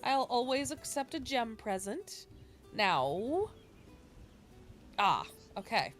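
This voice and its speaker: A woman hosting a video game playthrough, chatting excitedly and laughing as she plays. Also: fairly high pitch, slow pace. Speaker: let's play host. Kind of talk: casual gameplay commentary. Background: game music.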